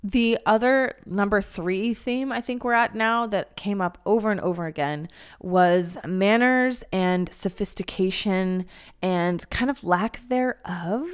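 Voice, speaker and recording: A young woman hosting a podcast, chatting casually and frankly, with plenty of swearing and animated emphasis. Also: medium pitch, unhurried, smooth. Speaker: podcast host. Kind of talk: casual chat.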